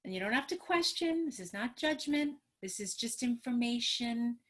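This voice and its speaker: A middle-aged woman with a fairly high voice teaches parents over a video call. She is animated and emphatic, and she slips into short acted-out lines of what a parent or child might say. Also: moderate pace. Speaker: trauma therapist presenting a webinar. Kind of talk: webinar teaching talk. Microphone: computer mic on a video call.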